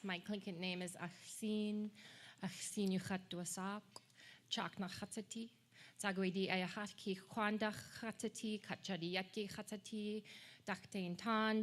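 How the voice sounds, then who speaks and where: A woman's voice: mid-range voice, a bit bright. A woman from Alaska, a tribal administrator, giving an earnest, emotional welcome speech at a public event. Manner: emotional, earnest, formal introductions. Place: public event before an audience.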